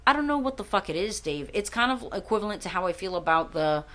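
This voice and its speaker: A woman co-hosts a casual podcast, swearing freely as she rambles through a story. Her voice sits at an ordinary middle pitch, and she breaks now and then into excitable bursts of enthusiasm. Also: fast talker. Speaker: podcast co-host. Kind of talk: casual chat.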